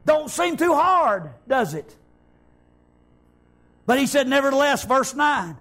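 A man's voice: very high voice, very animated, takes it slowly, vocal fry, pauses often, sharp tone. A middle-aged man, preaching a fervent sermon and calling out for amens. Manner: fervent, calls out "Amen?" and "praise God".

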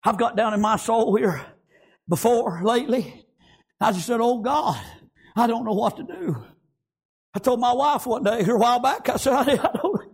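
A man preaching a fervent sermon, chanting "praise God" and "amen" between phrases and swinging into shouts with a rough preacher's cadence. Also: extremely high pitch, moderate pace, pauses often.

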